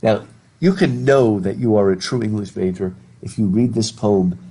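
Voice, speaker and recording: A middle-aged man lectures a live class, his voice slightly husky and breathy. He rambles and often trips over repeated words, breaking off to put questions to the students. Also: fairly low pitch, moderate pace, dark tone. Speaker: literature professor. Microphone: worn mic while masked.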